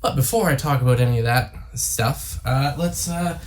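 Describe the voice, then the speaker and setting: A man's voice: mid-range voice, normal speed, a little hiss or hum. A young man from Canada talking casually to camera, rambling with many fillers and tangents. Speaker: YouTuber. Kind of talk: casual vlog monologue.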